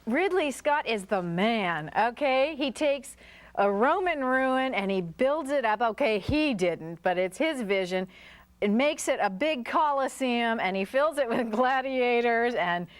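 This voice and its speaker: A woman co-hosting a film review show in a studio. She talks quickly and with animated enthusiasm. Her voice sits a bit high. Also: clean tone. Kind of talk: casual review chat.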